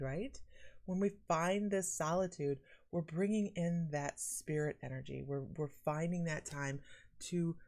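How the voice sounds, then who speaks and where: A woman's voice: sits low, a little mellow. A woman hosting a casual psychic livestream, chatting animatedly and reading out viewer comments. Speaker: psychic medium host.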